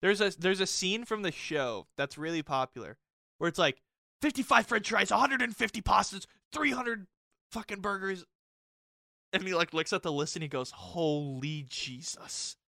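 A young man co-hosting a casual podcast, excitable and swearing a lot, breaking into loud mock impressions. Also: sits high, normal speed, vocal fry, dry recording, studio quality. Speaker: podcast co-host. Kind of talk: casual chat.

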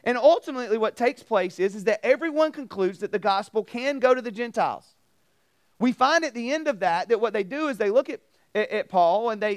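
Brief: man, campus preacher, high voice, lively storyteller. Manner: animated, acts out voices in anecdotes, asks the crowd questions. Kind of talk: storytelling sermon. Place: campus ministry meeting room.

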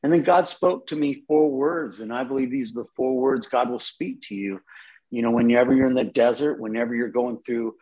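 A man's voice: medium pitch, a little fast, darkish tone, poor audio. A middle-aged man, a pastor, telling a personal testimony in an interview, earnest and with frequent repeated words. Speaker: associate pastor.

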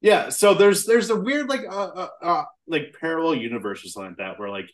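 A man's voice: on the high side, expressive, fairly quick. A man co-hosting a podcast, chatting casually about a film, swearing freely and laughing often. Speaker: podcast co-host.

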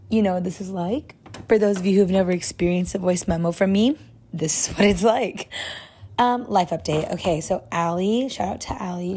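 A young woman hosting her own podcast in a bubbly, loud, chatty way, full of "like" fillers, talking into a phone with a clip-on mic as if sending a voice memo. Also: medium pitch, a little hiss or hum. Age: young adult. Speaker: podcast host. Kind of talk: casual chat, like a voice memo. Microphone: phone with clip-on lav mic.

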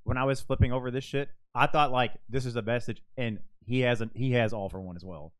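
Fast-talking profane young man. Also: medium pitch, low-quality recording. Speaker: podcast co-host. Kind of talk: casual chat.

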